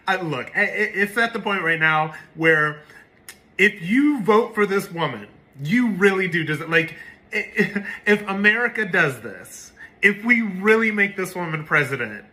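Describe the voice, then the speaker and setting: A man's voice: high voice, lively intonation, unhurried, pushed and bright. A man commentating on politics in a laughing, exasperated rant.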